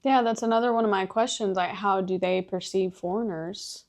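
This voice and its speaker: A woman's voice: medium pitch, fairly even intonation, a little mellow. A woman hosting a podcast, asking questions and reacting in casual chat. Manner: chatty, quick reactions and questions. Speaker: podcast host.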